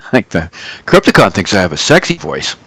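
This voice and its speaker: A man's voice: fairly low pitch, big pitch swings, moderate pace, fairly bright tone, husky, dry recording, low-quality recording. A middle-aged man hosting a live trading stream, chatting loosely with many fillers and self-corrections. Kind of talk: casual live market commentary.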